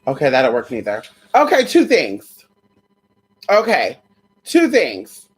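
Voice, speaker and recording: A sassy woman vlogger telling a story straight to her viewers. She talks in an animated, casual way and swears freely. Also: very deep voice, slow, slightly rough.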